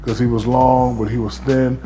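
A man's voice: mid-range voice, little pitch movement, normal speed, mellow, soft background music. Laid-back rambling ex-basketball pro man. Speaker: former pro basketball player. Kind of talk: casual storytelling interview.

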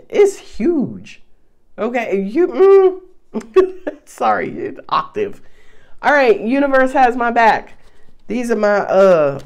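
A woman with a Southern US accent gives a casual tarot reading close to the mic. She talks in an excitable, profane way, full of laughter. Her voice sits at an ordinary middle pitch. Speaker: tarot reader.

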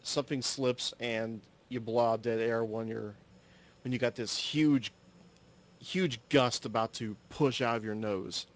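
Man, solo host, casual storytelling, mid-pitched, rambling, self-correcting, swears now and then. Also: fairly even intonation, unhurried. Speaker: solo podcaster. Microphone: audio-only recording, no camera.

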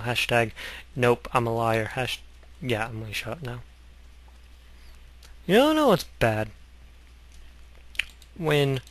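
A man's voice: mid-range voice, fairly bright tone, no echo. A young man rambling through gameplay commentary, goofy and sarcastic, wandering off on joking tangents. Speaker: gaming channel host.

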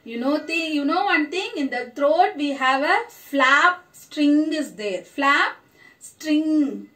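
Slow, high-voiced teacher. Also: female voice, lively intonation, bright, forceful tone. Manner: slow, encouraging, praising answers. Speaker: primary school teacher. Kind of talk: online lesson for young children.

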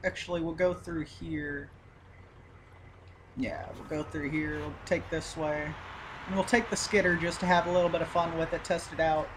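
Rambling male gamer, loud engine noise. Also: on the high side, level tone, normal speed. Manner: rambling, easygoing, with filler and cursing. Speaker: gaming YouTuber. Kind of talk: casual gameplay commentary. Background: truck engine and game sounds.

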